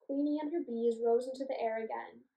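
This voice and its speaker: A woman reading a children's storybook aloud in a clear, expressive way. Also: on the high side, a little fast. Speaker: storybook reader. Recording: echoey room, voice from a distance.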